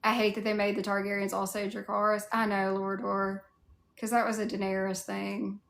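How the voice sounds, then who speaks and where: A Southern US woman rambles through a relaxed livestream chat, answering her viewers one comment at a time with a steady stream of "like" fillers. Her voice has a gravelly fry to it. The sound carries a roomy echo. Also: medium pitch, normal speed.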